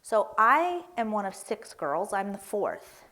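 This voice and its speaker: A woman's voice: mid-range voice, big pitch swings, slow pace, a bit bright. Woman from Tennessee, seminar speaker in a church hall; conversational, tells stories, keeps asking "right?". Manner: conversational, storytelling, often asks "right?".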